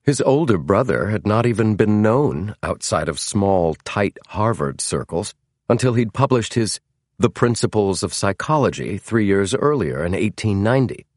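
A male audiobook narrator with a low voice telling the story in a measured, dramatic way. His delivery moves widely in pitch. The recording is dry and close. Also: expressive, dry recording. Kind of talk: scripted narration.

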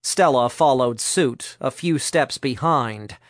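This is scripted audiobook narration by a man whose medium-pitched delivery stays steady and measured. It's recorded in a clean studio setting without any echo.

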